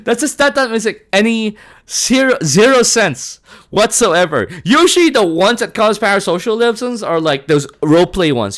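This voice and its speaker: A man from the Philippines, chatting casually on a live stream, animated and laughing often, swearing and saying bro a lot. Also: high voice, normal speed.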